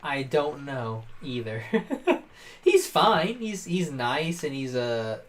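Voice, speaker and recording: A man's voice: medium pitch, sing-song, takes it slowly, fairly bright tone. A man hosting a gaming video, chatting casually and laughing easily. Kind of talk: casual let's-play chat.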